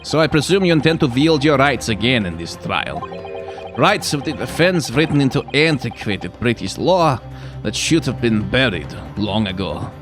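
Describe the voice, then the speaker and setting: A man voicing a stern, disdainful male prosecutor in a low, contemptuous tone. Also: big pitch swings, moderate pace, music in the background, lightly acted.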